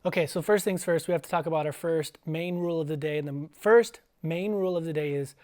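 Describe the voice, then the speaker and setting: A man's voice: fairly high pitch, darkish tone. A man who teaches and hosts a casual school podcast, talking in a playful, chatty way. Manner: playful, chatty, sounds out words slowly. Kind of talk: casual interview.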